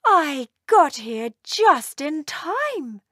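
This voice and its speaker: A woman voicing a kind, protective mother dragon in a storybook reading, with slow, motherly coaxing. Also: sits high, big pitch swings, fairly bright tone, dry recording, clean studio sound, voice pushed up, full character voice. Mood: fussing.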